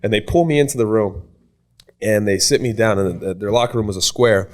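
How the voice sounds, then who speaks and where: A man in his twenties, a podcast guest, telling a story in an animated, casual way, swearing freely and acting out what others said. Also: lowish voice, fairly quick. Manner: animated, swears freely, acts out quoted voices.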